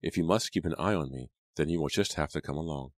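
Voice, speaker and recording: A man's voice: rumbling low, fast, no room sound. A man voicing an eager, daring young village girl in an audiobook.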